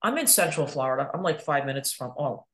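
Middle-aged woman from new york, chatty, laughing, lively up-and-down pitch. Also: quick pace. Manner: chatty, laughs often, animated storytelling. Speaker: podcast guest, real estate agent. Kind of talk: casual chat.

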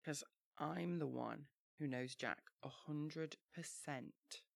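A woman co-hosting a casual chat, reading from her old teenage diary with lively, laughing energy. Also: low-pitched, slow, vocal fry, no echo, clean studio sound. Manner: animated, laughs easily, reads aloud in bursts.

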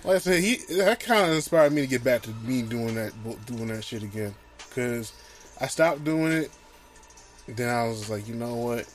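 Animated man ranting on a podcast. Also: mid-range voice, normal speed. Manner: animated, profane ranting with laughs. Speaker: podcast co-host. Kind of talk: casual podcast chat. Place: small home studio.

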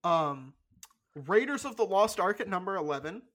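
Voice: mid-range voice, lively intonation, fairly bright tone. A young adult podcast co-host in casual chat, blunt and opinionated, swearing freely and stalling with lots of fillers. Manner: loose, halting delivery with many fillers.

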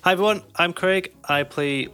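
A man's voice: sits high, moderate pace, sharp tone, soft background music. A man chatting as a player on a tabletop podcast, giggly and self-mocking. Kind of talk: casual podcast banter.

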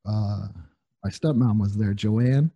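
Dark, husky-voiced man sharing memories. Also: fairly low pitch, dry recording. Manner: halting, stammering repeats. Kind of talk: casual reminiscing chat.

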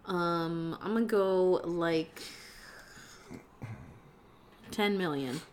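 A woman's voice: fairly low pitch, slow pace, a little mellow, slight background noise. A woman co-hosting a casual movie podcast, blunt and swearing freely as she gives her takes. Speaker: podcast co-host. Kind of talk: casual movie review chat.

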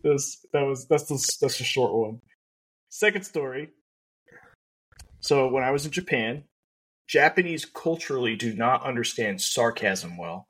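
A man's voice: medium pitch, a little slow, breathy edge. A man co-hosting a podcast, telling a story in a casual way with lots of fillers and laughs. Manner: laughs often, lots of fillers, animated retelling. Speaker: podcast co-host.

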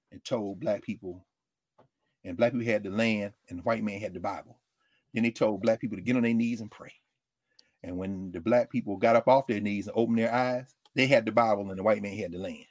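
A man giving a lively, conversational political commentary monologue, often acting out quotes from others. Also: medium pitch, no echo, studio quality. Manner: animated, conversational, quoting others in character.

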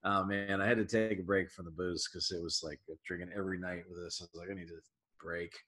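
A man, a comedian guest on a casual podcast interview, talking in an animated, emphatic way. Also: low-pitched, quick pace, reverberant. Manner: animated, emphatic advice-giving.

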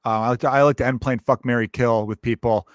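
A man hosting a casual podcast chat, chummy and quick to laugh. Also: medium pitch, fairly even intonation, dry recording, clean studio sound. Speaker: podcast host.

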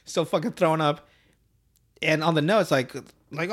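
Casual male podcast host, higher voice, profane and rambling. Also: normal speed. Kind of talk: casual episode recap.

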